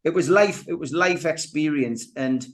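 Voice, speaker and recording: A man's voice: a little high, moderate pace. A man of fifty with a Geordie accent, telling stories as a guest on a casual podcast interview. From Newcastle, England. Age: 50s. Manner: chatty, anecdotal storytelling.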